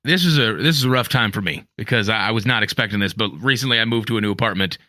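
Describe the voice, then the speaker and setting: A man co-hosts a casual chat and works through his thoughts haltingly, repeating words as he goes. His voice is bright and forward, and the recording is dry and close. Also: fairly low pitch, no echo. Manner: hesitant, restarts often, wry. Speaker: podcast co-host.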